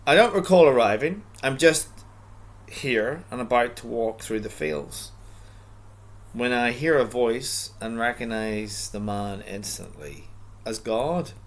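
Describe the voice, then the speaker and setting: A middle-aged man reading his own story aloud in a relaxed, reflective way, stopping often for rambling asides and restarts. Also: mid-range voice, takes it slowly.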